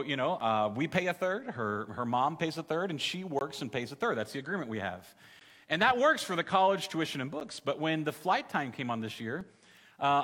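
A man in his forties preaching a sermon in a conversational way, calling out to the congregation and dropping soft in emotional moments. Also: mid-range voice. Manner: conversational, calls on the audience, drops to soft tones in the emotional story. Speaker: pastor. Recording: long reverb in a large hall.

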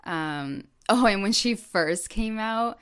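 A woman's voice: mid-range voice, animated, slow, a bit bright, smooth. A woman co-hosting a podcast, telling a story in casual chat with many fillers. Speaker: podcast co-host.

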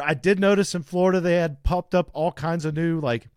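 On a podcast he co-hosts, a man in his thirties chats casually, telling rambling stories and laughing often. His voice is on the high side, brisk, a little mellow and clean-toned, recorded with clean studio sound and no room sound.

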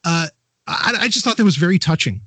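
A man's voice: on the high side, big pitch swings, fairly quick, sharp tone, breathy edge, no room sound. A man hosting a podcast, talking enthusiastically in a rambling casual chat with many restarts. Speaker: podcast host.

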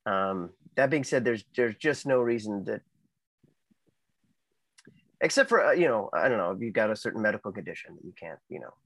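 A man co-hosting a podcast in relaxed, casual chat, full of ums and easy laughter. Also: fairly low pitch, brisk, vocal fry, pauses often, rough recording. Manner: easygoing, filler-heavy, laughs easily. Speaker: podcast co-host.

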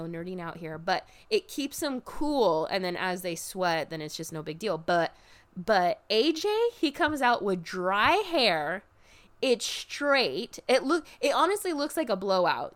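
A woman of middle pitch talks in a loose, casual chat, full of swearing. Her voice leaps up high when she gets excited, then drops low and quiet for her asides. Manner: animated and expressive, frequent laughs and swearing. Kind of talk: casual chat recapping a wrestling show.

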